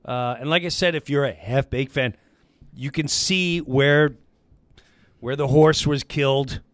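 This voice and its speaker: A middle-aged man who is a guest in a casual chat, telling stories excitedly. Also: mid-range voice, unhurried, no room sound, clean studio sound. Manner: animated, excitable storyteller.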